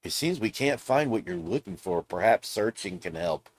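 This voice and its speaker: A man's voice: lowish voice, expressive, normal speed, slight background noise. Blunt, cussing man ranting on camera. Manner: blunt, profane, rambling rants. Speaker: gaming video host. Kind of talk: casual ranting vlog commentary.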